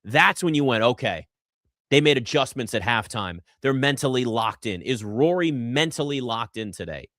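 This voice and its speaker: A man hosting a sports talk show, talking through the day's action in an animated, conversational way. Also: medium pitch, normal speed, no echo, studio quality. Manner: animated, conversational, addresses chat and co-worker. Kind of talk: solo sports talk commentary.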